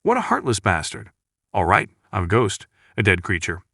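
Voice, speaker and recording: A man's voice: on the low side, wildly swooping pitch, normal speed, vocal fry, a bit bright, slightly rough, dry recording, clean studio sound, full character voice. A man reading the lines of a brash dead warrior ghost who boasts and mocks, in a recap narration. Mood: annoyed. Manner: boastful, scolding, mocking. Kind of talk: recap narration with read-out dialogue.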